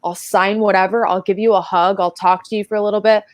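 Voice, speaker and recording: A woman's voice: mid-range voice, level tone, fast talker, no room sound. A woman as a podcast guest, telling stories in a chatty, casual way full of filler words. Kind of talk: casual storytelling chat.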